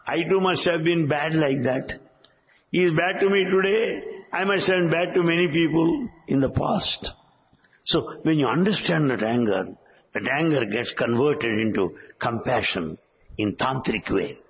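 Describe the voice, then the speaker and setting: A man's voice: fairly high pitch, a little slow, a little hiss or hum. A man giving a spoken talk as a spiritual teacher, emphatic and full of rhetorical questions. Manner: emphatic, rhetorical questions, acts out quoted voices. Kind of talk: spoken talk on yoga and Tantra. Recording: dull lo-fi recording with long reverb.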